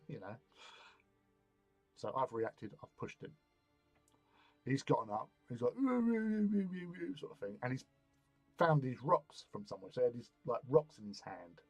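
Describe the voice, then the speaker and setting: A man spins a rambling, colloquial anecdote as a hobby stream host. His voice sits at an ordinary pitch and sounds dry and close. Faint music plays behind him. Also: a little mellow, husky, dry recording. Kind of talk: casual storytelling chat.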